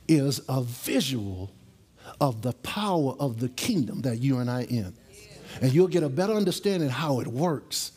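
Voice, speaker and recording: A middle-aged male pastor delivering a sermon to his church, telling stories and jokes in a conversational way and stretching out key phrases slowly for emphasis. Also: medium pitch, lively intonation, a little mellow, husky. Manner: conversational storytelling preaching with jokes; slow, emphatic drawn-out phrases. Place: church service with congregation.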